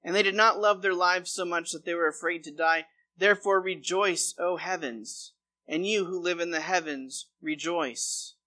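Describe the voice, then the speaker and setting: A man's voice: high-pitched, fairly even intonation, moderate pace, pushed and bright. A man preaching a sermon as pastor, reading a long scripture passage aloud before explaining it.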